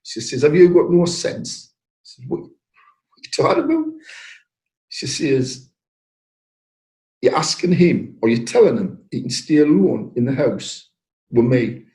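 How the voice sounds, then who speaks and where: Brief: older man, North East English accent, mid pitch, anecdotal interview in a roomy space. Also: measured pace, long pauses. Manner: lively storyteller acting out quoted voices. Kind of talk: anecdotal storytelling. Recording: roomy echo.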